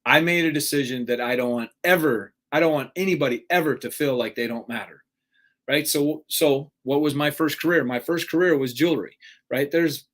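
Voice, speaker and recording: A man with a slightly high voice hosts a live motivational talk. He is earnest and direct, often checks in with the listener, and acts out the voices of people in his stories. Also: normal speed, fairly bright tone. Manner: earnest, keeps asking "right?"; acts out quoted dialogue in his story. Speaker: live show host, speaking coach.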